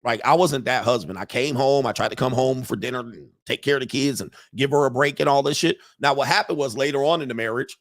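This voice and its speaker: A man's voice: medium pitch, fast talker, few pauses, dry recording, studio quality. A middle-aged man hosting a commentary show, reacting to interview clips in a blunt, slangy, profane way. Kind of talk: casual commentary.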